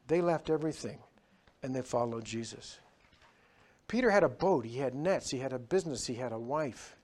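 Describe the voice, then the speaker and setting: A man preaching a sermon, swinging between loud, raised passages and quiet, lowered ones. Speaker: pastor.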